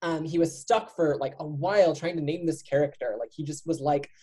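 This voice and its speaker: A woman's voice: low voice, steady tone, a little fast, warm tone, breathy edge, rough recording. A woman hosting a casual chat, talking in a loose, laughing way with many fillers. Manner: chatty, laughing, lots of likes. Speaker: podcast host.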